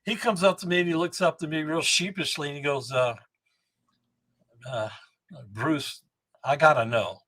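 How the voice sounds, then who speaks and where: A man in his seventies, a guest on a podcast, telling rambling, animated anecdotes about engine building and often restarting his sentences. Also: on the high side, moderate pace, long pauses. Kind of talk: storytelling podcast interview.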